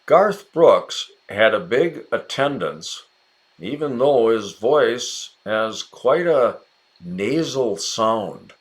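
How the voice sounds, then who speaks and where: An American man teaching English in a relaxed, chatty lesson. He talks slowly and carefully, and his pitch swings up and down a lot. He encourages his viewers and calls out to them by name. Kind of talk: casual ESL lesson narration.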